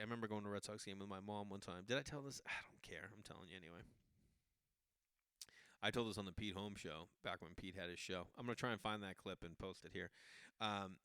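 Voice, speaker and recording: Bright, animated man telling a story. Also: on the low side, clear, resonant tone, dry recording, clean studio sound. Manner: animated, rambling, self-interrupting storyteller. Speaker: podcast host. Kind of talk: casual storytelling monologue.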